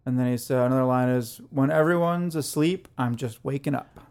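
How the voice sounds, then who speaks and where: A relaxed man talks through an album track by track on a casual podcast. He laughs easily and keeps an easygoing tone. His voice sits at a normal middle pitch. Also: brisk, smooth. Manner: easygoing, explains songs, laughs often. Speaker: podcast co-host. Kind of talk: casual music review chat.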